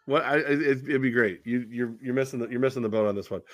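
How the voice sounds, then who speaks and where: A man's voice: mid-range voice, quick pace. A man co-hosts a football talk show, ribbing his partner and wandering through his points with plenty of "uh" and "like." His voice sits in a middle range, and it is recorded close and dry with no room echo. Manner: teasing, rambling with many fillers. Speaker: podcast co-host. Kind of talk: casual sports chat.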